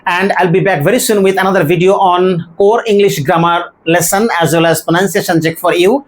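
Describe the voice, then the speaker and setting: An English teacher giving a grammar and pronunciation lesson, speaking deliberately and spelling words out letter by letter. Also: medium pitch, steady tone, slight background noise, rough recording.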